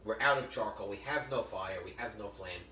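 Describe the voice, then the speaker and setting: Here the chef's voice sits on the low side and sounds bright and forceful, moving a little fast. He runs a live cooking demo full of jokes and stories, repeatedly addressing viewers as "folks." The recording, from a kitchen or library demo room, is roomy, with a distant mic and faint noise.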